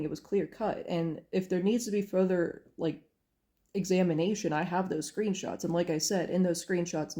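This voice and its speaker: A young woman speaks in a mellow, slightly low voice. She tells a personal story to camera, candid and earnest, and acts out what others said along the way. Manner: candid, earnest, recounting with quoted dialogue. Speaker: vlogger.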